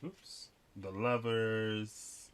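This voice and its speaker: A man's voice: lowish voice, steady tone, extremely slow, clean tone. A young man reading tarot cards and chatting in a rambling, reflective way with many fillers. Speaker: tarot reader. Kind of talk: casual tarot reading vlog.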